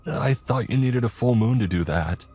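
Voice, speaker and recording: A man's voice: mid-range voice, animated, normal speed, dark tone, faint music behind, pitched above the performer's own voice, close to an everyday voice. A man voicing a young male fire mage who speaks in a light, teasing way.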